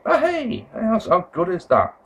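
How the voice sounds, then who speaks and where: A man giving a casual, rambling review of a wrestling show, swearing freely and swinging between loud outbursts and low mutters. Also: huge pitch swings, measured pace, lo-fi sound. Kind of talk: casual video commentary.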